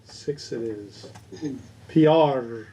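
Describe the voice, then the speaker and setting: A man guides his players through a tabletop game as game master. He talks slowly and with frequent fillers, his tone soft and mellow. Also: medium pitch, a little hiss or hum. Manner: unhurried, hesitant, with many fillers.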